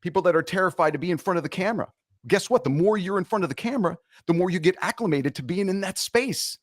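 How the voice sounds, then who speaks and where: Male guest, motivational and punchy, pitch swinging widely, dry close sound. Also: animated, fast, dry recording. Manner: emphatic, punchy, coaching tone. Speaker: podcast guest. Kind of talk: motivational talk in an interview.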